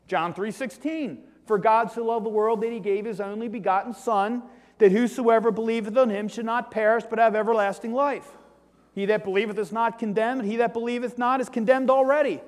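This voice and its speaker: A man preaching a sermon, reading scripture aloud and swinging between loud declaiming and quiet asides. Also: fairly high pitch. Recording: long hall reverb.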